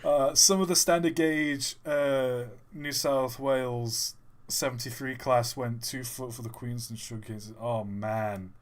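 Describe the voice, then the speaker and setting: A young man chatting casually on a livestream, rambling and enthusiastic and often breaking off mid-thought. His pitch and pace sit right in the middle. He talks into a desk microphone. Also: fairly even intonation, takes it slowly. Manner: rambling, enthusiastic, self-interrupting. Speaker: livestream co-host.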